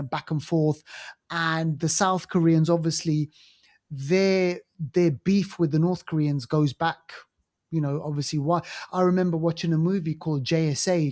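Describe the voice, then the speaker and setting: A man's voice: a little high, a little mellow. Man, podcast co-host, casual movie chat, enthusiastic, rambling, many fillers.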